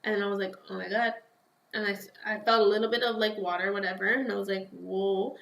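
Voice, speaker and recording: A woman telling a personal story as a podcast guest in a chatty, animated way, acting out her own past lines. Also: mid-range voice, very fast, reverberant, low-quality recording. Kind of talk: casual storytelling.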